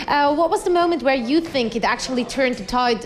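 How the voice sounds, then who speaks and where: A woman hosting a post-match interview, asking clear, friendly questions. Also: high voice, fairly quick, a crowd in the background. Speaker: host and interviewer.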